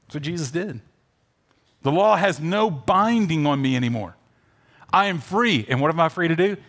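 A man pastor preaching a sermon, telling a story with animated swings between loud urging and quiet asides. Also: a little high, moderate pace.

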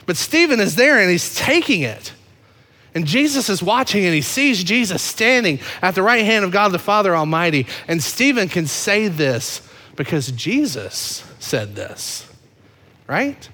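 A man preaching a sermon as pastor, impassioned, swinging from loud emphasis to hushed, low moments. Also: very animated, measured pace. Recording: long hall reverb.

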